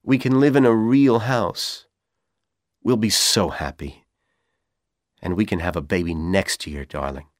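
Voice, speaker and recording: A man reading a smooth, manipulative young man. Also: deep voice, fairly even intonation, measured pace, long pauses, no room sound, clean studio sound. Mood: coaxing. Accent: Persian. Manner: coaxing, then coldly insistent.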